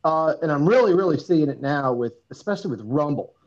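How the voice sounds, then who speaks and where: A man's voice: a little high, lively intonation, brisk. A man calling in to a talk show, telling a rambling story with many ums and restarts over a phone. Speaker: caller. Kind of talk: casual call-in chat. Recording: dull lo-fi phone audio.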